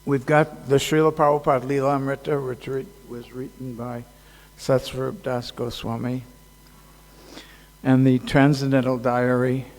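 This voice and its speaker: A man giving a casual devotional talk at a festival, halting and joking, with many fillers. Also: mid-range voice, darkish tone. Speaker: speaker at a temple festival. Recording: long hall reverb.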